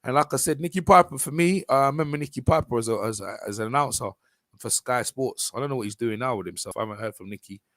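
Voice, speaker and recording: Gravelly London man, casual boxing chat. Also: medium pitch, fast, fairly bright tone, no echo. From London, England. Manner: rambling, informal, with frequent restarts and fillers. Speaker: boxing channel host. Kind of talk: casual commentary over a fight video.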